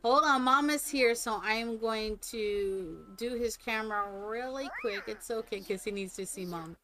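A woman's voice: on the high side, moderate pace, bright, forceful tone. An older woman streaming a game, chatting casually, thinking aloud and cooing at her family. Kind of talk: casual gameplay chat.

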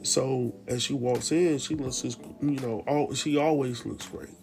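A man casually recapping a TV drama episode, animated and slangy, speaking straight to his viewers. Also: medium pitch, unhurried, creaky, soft background music. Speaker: TV recap host.

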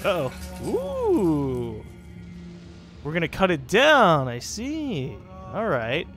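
A young man casually commenting on his gameplay as a let's play host, chatty and sarcastic with excitable outbursts. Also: a little high, slow, faint music behind.

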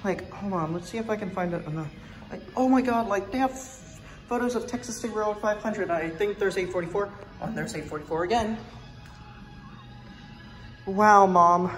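Young woman, phone vlog in a museum, rambling excited commentary, mid-pitched voice. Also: normal speed, soft background music. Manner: rambling and enthusiastic, many fillers; drops to a hush at times. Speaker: vlogger. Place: indoor train museum.

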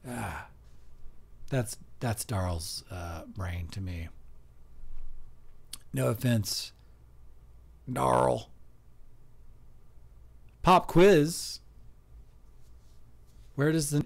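A comedian hosting a casual livestream chat, joking through rambling, absurd tangents. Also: male voice, medium pitch, slow pace, vocal fry, long pauses, darkish tone.

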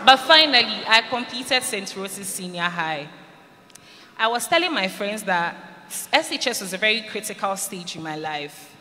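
With a lively intonation and a pushed, bright mid-range voice at normal speed, a woman from Ghana tells students her personal story in earnest. She acts out quoted lines, and the recording carries the echo of a large school hall plus faint noise.

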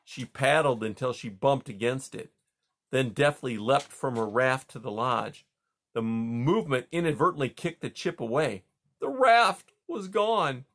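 A man reads a children's novel aloud as its reader. His voice sits at a middle pitch, and he takes the narration at an unhurried, measured pace.

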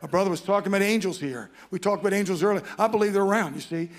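A man's voice: high-pitched, rapid-fire. A man preaching a fervent sermon at a church conference, with folksy homespun sayings.

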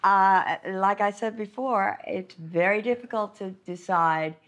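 A woman's voice: medium pitch, unhurried, a bit bright, highs cut off. An older woman reminiscing in a casual conversation, speaking in an effusive, enthusiastic way. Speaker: honoree in conversation.

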